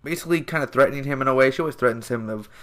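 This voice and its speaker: A man's voice: mid-range voice, racing, a bit bright. A man in his twenties giving a casual spoken review of a TV episode, loose and rambling with lots of fillers and self-corrections. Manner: enthusiastic, addresses viewers as "man" and "guys".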